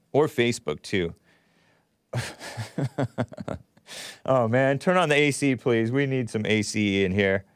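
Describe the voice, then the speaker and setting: A man's voice: fairly low pitch, smooth, no echo, clean studio sound. A man hosting a call-in talk show, chatting casually, laughing often and reading out listener comments. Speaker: radio call-in show host.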